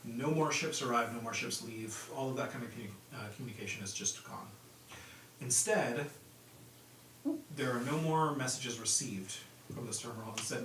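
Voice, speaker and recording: A man running a tabletop game as game master, narrating in a relaxed way with plenty of ums and likes. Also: mid-range voice. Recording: echoey room from far off with background noise.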